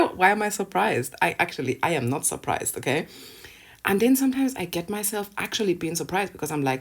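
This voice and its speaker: A woman's voice: fairly low pitch, sing-song, fairly quick. A woman vlogger ranting casually to camera, sarcastic and profane, with bursts of laughter between points.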